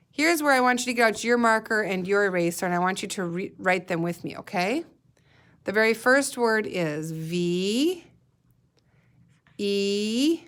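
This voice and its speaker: A woman teacher leading a guided reading lesson for young children, patiently sounding out letters and words. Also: on the high side. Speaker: elementary school teacher.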